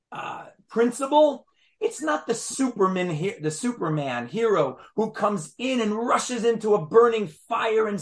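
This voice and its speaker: A man with a notably high voice teaches a lively Torah class. He speaks emphatically and keeps throwing rhetorical questions at his listeners.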